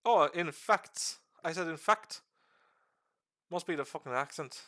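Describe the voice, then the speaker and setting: A man lecturing on a livestream in a put-on Irish accent that slips toward Scottish, excitable and swearing. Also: unhurried. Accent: put-on Irish, slipping into Scottish. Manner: excitable, swearing, sudden pitch jumps. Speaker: streamer giving a lore lecture.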